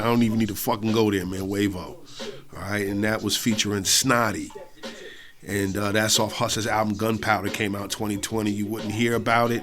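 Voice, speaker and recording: A middle-aged man from New York State hosting a hip-hop radio show, talking loosely between songs with slang, swearing and shout-outs. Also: lowish voice.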